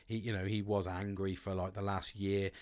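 A man hosting a podcast in a casual monologue, swearing freely and letting his voice swing with feeling. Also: normal speed. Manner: swears often, expressive swings in pitch. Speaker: podcast host. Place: home, outdoors on a sunny afternoon.

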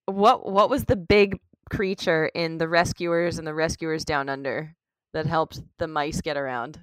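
A woman's voice: low voice, steady tone, unhurried, clean tone, no echo. A woman co-hosting a podcast, giving quiz hints in casual chat, upbeat and encouraging, laughing easily. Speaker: podcast co-host.

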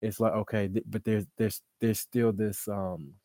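A man in a casual faith discussion who thinks aloud in a reflective, easygoing way. His voice sits on the low side and the sound is dry and close, with no room around it. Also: steady tone, a little slow, warm tone, no room sound.

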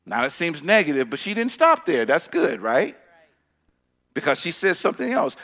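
A man preaching a sermon, his voice bright and slightly high for a man. He reads scripture slowly, then drops into casual, emphatic talk with repeated phrases, swinging from loud bursts to near whispers. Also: sing-song, creaky. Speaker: pastor.

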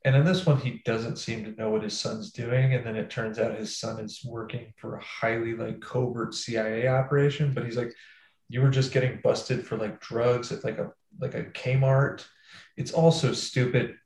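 A man hosting a casual movie-review podcast, leading the talk with sarcastic, quick storytelling. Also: medium pitch, steady tone, a little mellow, roomy sound, poor audio. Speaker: podcast host.

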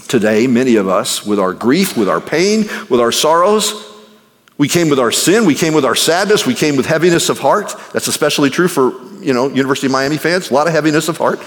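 A male pastor preaching a sermon. He swings between ringing exclamations and hushed, near-whispered passages. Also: medium pitch. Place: church sanctuary. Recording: long reverb of a large hall.

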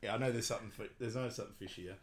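A man's voice: lowish voice, racing. A young man co-hosting a podcast, recapping a film in loose, casual chat and laughing often. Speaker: podcast co-host.

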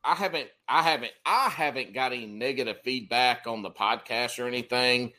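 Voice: medium pitch, brisk, bright, forceful tone. A podcast host chatting casually, joking and swearing freely. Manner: profane, joking.

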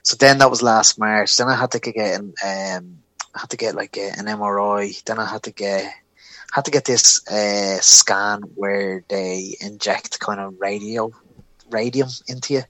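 A man's voice: lowish voice, moderate pace, no echo. An Irish man, a young adult co-hosting a podcast, telling a long anecdote in casual chat and acting out the voices of the people in it. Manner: animated, acts out voices in his anecdotes. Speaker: podcast co-host.

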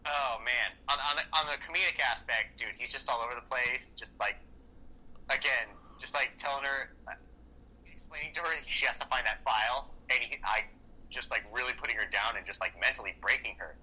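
A man co-hosting a casual movie-review podcast, excitable and profane, often acting out lines from the film. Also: mid-range voice, fairly quick, breathy edge, rough recording. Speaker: podcast co-host.

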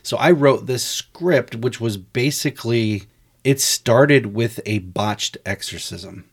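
A man's voice: medium pitch, takes it slowly, slightly rough. A man, a screenwriter, chatting casually on a podcast and telling a story, acting out quoted dialogue and swearing freely. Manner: profane, candid.

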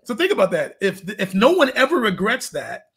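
High, husky-voiced male fitness coach. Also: huge pitch swings, brisk, fairly bright tone. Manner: candid, rambling storyteller who laughs at his own jokes. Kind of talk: casual interview chat.

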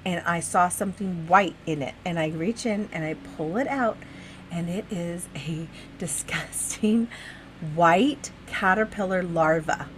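A woman casually telling a vivid dream story in a chat, animated, swearing freely and laughing as she goes. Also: lowish voice, unhurried, a little hiss or hum. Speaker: guest sharing a dream.

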